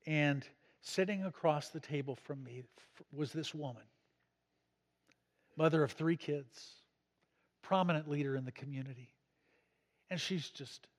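A man's voice: fairly high pitch, normal speed, pauses often. A male pastor preaching a storytelling sermon, swelling to emphasis, in an echoey church. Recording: echoey hall.

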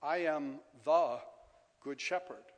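A man preaches a sermon with a somewhat high voice. His delivery is measured, and he repeats key phrases softly for weight. The sound rings with the long reverb of a church hall. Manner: measured, dropping to soft emphatic repetitions.

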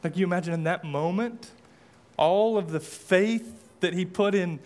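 A man's voice: high voice, a little slow, a little mellow. A male pastor preaching a sermon, impassioned, with repeated rhetorical questions and casual asides.

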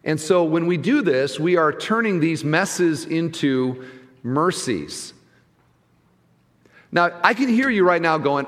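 A middle-aged man preaching a sermon as pastor, conversational, swinging from soft asides to loud emphasis. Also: sits high, big pitch swings, takes it slowly, long reverb tail. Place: church sanctuary.

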